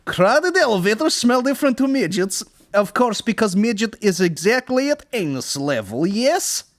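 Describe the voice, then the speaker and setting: A man's voice: sits high, very animated, moderate pace, no room sound, pitched above the performer's own voice. A man voicing a smug Russian man in a put-on Russian accent, who tells crude jokes and explains them. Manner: explains each joke, loud and pleased.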